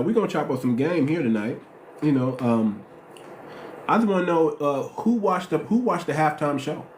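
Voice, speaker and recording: A man from the United States hosting a casual live stream, talking in a slangy, emphatic way and repeating himself for weight. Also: a little high. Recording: roomy echo, faint noise.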